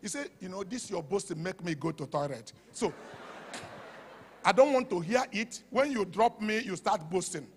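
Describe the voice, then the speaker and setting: A man preaching a sermon in Nigerian English. He talks with fervour, shouts at the high points and drops to a hush for quoted asides. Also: expressive, normal speed. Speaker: pastor. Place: church hall. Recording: long hall reverb.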